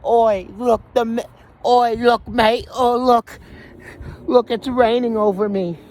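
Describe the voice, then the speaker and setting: A man putting on the voice of an excitable British man, with a rough British accent, exclaiming loudly and swearing. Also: very high-pitched, takes it slowly, pitched above the performer's own voice. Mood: astonished. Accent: British, put on.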